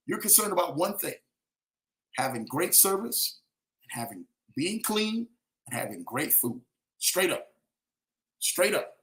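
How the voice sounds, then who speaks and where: High bright-voiced man preaching. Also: big pitch swings, a little slow, pauses often, reverberant. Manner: preachy, repetitive, rising to emphatic peaks; casual slang, addresses listeners directly. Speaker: motivational speaker. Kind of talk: motivational talk.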